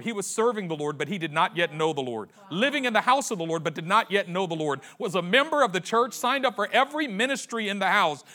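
A man preaching a sermon, retelling a story with slangy acted-out voices and dramatic pauses. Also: high-pitched, expressive, bright, forceful tone. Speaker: pastor.

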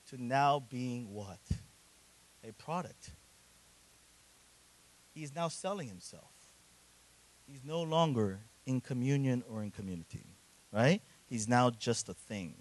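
A middle-aged man, a guest pastor, preaching a sermon and addressing the congregation directly with frequent "right?", rising to shouts at the high points. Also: slow, pauses often, dry recording, rough recording. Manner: animated, rising to shouts at peaks.

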